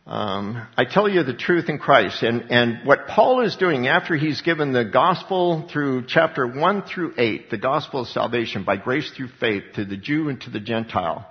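A man preaching a sermon to a congregation, reading scripture aloud and breaking off into lively asides. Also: medium pitch, moderate pace, hardly any pauses. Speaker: pastor. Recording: dull sound with long reverb in a large room.

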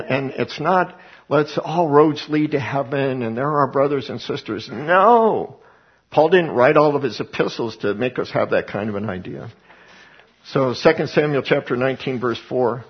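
A man's voice: mid-range voice, lively intonation, normal speed, breathy edge, highs cut off. A man teaching the Bible as a sermon, who talks emphatically and asks and answers his own questions. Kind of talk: preaching Bible study.

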